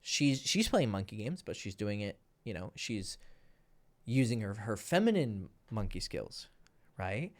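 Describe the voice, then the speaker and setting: A man, a dating coach, telling a story casually, animated, laughing and swearing freely. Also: fairly low pitch, measured pace.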